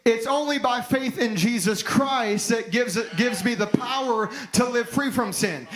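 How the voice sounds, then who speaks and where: Pastor, high-pitched man, emphatic fervent sermon delivery. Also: fairly bright tone, poor audio. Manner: emphatic preaching, rising to fervent exclamations.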